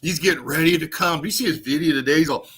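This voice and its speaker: A man's voice: fairly high pitch, quick pace, a bit bright, slightly rough. A man hosting a livestream, ranting in a rambling, profane way and laughing at his own jokes. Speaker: livestream host. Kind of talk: casual ranting livestream monologue.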